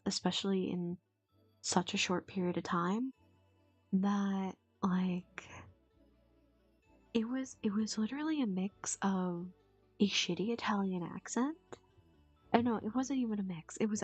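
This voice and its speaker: A woman's voice: mid-range voice, a little mellow, dry recording. A young woman voice actor chatting casually on a stream, rambling with lots of fillers and casual swearing. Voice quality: husky, gravelly. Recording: dull lo-fi stream audio with faint music.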